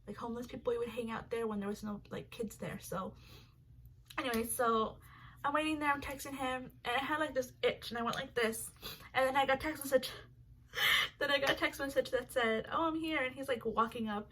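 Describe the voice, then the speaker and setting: A woman's voice: fairly high pitch, fairly even intonation, brisk, a bit bright, a little hiss or hum. A young woman telling a rambling, embarrassing story to her viewers, full of filler words and swearing. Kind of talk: casual storytime monologue.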